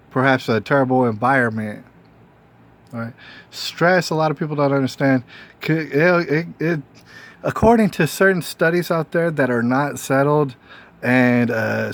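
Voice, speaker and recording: A man delivers a solo monologue for his own show. He wanders from point to point, filling gaps with "uh" and "you know," and keeps checking in with rhetorical questions. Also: a little high. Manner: meandering, frequent fillers and rhetorical questions. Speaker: host. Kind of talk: casual monologue.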